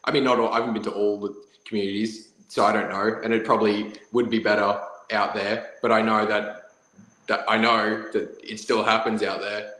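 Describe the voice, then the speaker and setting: A man's voice: on the low side, level tone, moderate pace, pushed and bright. An Australian man co-hosting a casual podcast, talking in a rambling, hesitant way with lots of fillers. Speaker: podcast co-host. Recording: echoey room.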